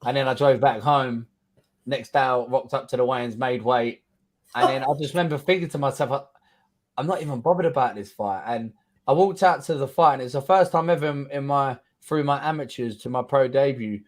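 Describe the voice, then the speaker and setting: A little fast and medium in pitch, this man in his thirties speaks with a London English accent. As a guest fighter in a casual interview, he tells his story bluntly, cursing freely while voicing what others said.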